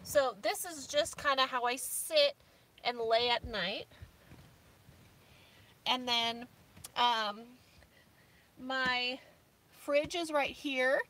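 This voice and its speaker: High-voiced woman chatting in her van. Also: very slow, long pauses, fairly bright tone, slight background noise. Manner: chatty, emotional, laughing through tears. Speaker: vlogger host. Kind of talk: casual livestream chat. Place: inside a minivan.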